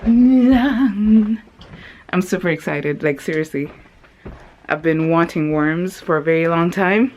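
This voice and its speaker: A woman's voice: sits low, steady tone, moderate pace, slight background noise. A woman vlogging casually at home, chatty and rambling, with frequent fillers like "like". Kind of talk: casual unboxing vlog. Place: at home, indoors.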